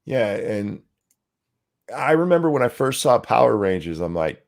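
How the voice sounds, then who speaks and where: Man co-host, low voice with big swings, swears a lot while reading comments. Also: moderate pace. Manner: animated, swears often, trips over words while reading chat comments aloud. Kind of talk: casual podcast chat.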